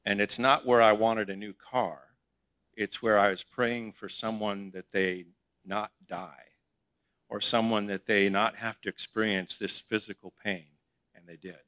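A man's voice: lowish voice, steady tone, a little slow, sharp tone, smooth, no room sound. A middle-aged male pastor giving a conversational sermon in church, asking his congregation questions as he teaches.

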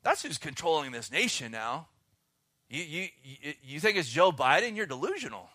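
A man preaching a fervent sermon outdoors, slowing down to read scripture and swinging between loud and hushed. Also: fairly high pitch, sing-song, no echo, studio quality. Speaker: pastor.

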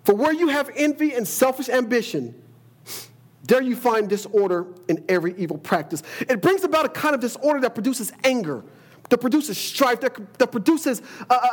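A man's voice: very high-pitched, animated, normal speed. A man preaching a sermon, emphatic, often repeating words as he builds a point and quoting scripture.

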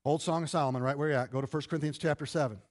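Male pastor, middle-aged; animated sermon delivery, chatty rhetorical questions, slightly raised voice. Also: on the high side, rapid-fire.

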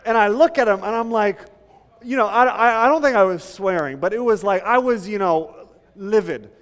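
A man preaching a sermon, conversational and animated, telling stories and teasing the congregation. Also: sits high, moderate pace, big-room sound. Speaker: pastor. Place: church sanctuary.

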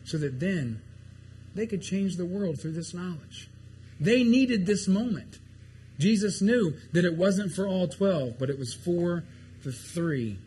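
A man preaching a sermon in a lively, conversational way, reading scripture and acting out the disciples' reactions. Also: on the high side, a little hiss or hum. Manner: animated, conversational, acts out the disciples' voices. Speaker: pastor.

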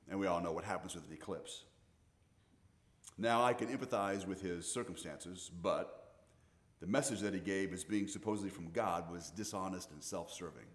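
A middle-aged man preaching a sermon, telling stories in a conversational way with frequent restarts. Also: deep voice. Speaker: pastor.

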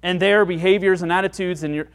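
A man preaching a sermon as pastor, earnest and dynamic, moving between emphatic lines and hushed ones. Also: sits high, steady tone, fast talker, clear, resonant tone.

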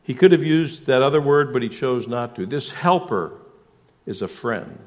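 A man preaching a sermon as pastor, emphatic, asking rhetorical questions and shifting suddenly between loud and soft. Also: mid-range voice, animated, moderate pace.

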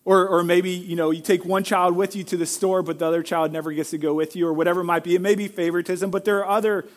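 A middle-aged man preaching a sermon as pastor, earnest and direct, now and then acting out quoted lines in a loud burst. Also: high-pitched, little pitch movement, fast.

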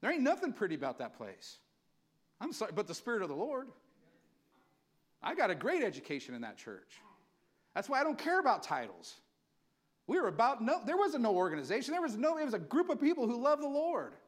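A man with a high, lively voice preaches to his congregation. He talks casually and with passion, and his pitch swings widely as he acts out the people he quotes. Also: fairly quick, pauses often. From California. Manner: impassioned, conversational preaching with acted-out quotes. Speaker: pastor. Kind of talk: sermon.

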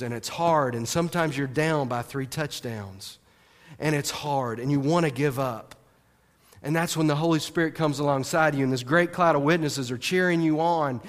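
A man preaching a sermon, animated, moving from excited outbursts to soft, earnest appeals. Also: on the high side, long reverb tail. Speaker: pastor. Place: church.

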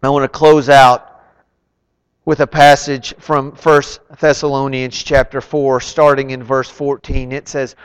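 A man preaching a sermon as pastor, slow and emphatic, with an impassioned delivery. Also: medium pitch, flat delivery, clean tone. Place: church sanctuary. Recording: long reverb of a large hall.

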